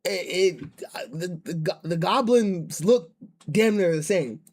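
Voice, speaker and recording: A man with a high voice rants through a casual live stream. He rambles, restarts his sentences and keeps circling back to the same point. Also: lively intonation, slow pace, a little mellow. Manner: ranting, rambling with many restarts. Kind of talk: casual chat.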